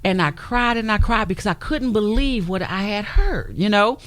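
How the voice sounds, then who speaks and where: A woman's voice: medium pitch, lively intonation, normal speed. A woman who is a guest on a radio talk show, telling her personal story emphatically and acting out the quotes she recounts. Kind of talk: personal testimony in a radio interview. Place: radio studio.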